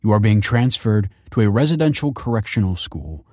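A man's voice: lowish voice, sing-song, a little fast, warm tone, no echo, studio quality. A man reading a story aloud and voicing a stern woman school principal who speaks in a formal, officious way.

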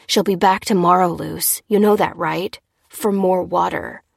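A woman's voice: fairly low pitch, steady tone, unhurried, gravelly, breathy edge, dry recording, clean studio sound, exaggerated voice. A woman reading the lines of a tense adult man, clipped and insistent, in a storybook reading. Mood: urgent.

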